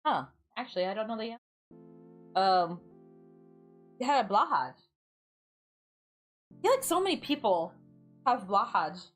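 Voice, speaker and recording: A woman's voice: mid-range voice, very animated, unhurried, pauses often, soft background music. Giggly rambling woman streamer. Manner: giggly, rambling, lots of "like" fillers. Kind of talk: casual chat while gaming.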